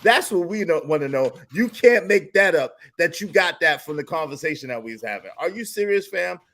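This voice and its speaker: A man hosting a casual panel discussion who jumps in, talks in slang and reads out viewer comments with animated reactions. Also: fairly high pitch, fairly quick. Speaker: podcast host.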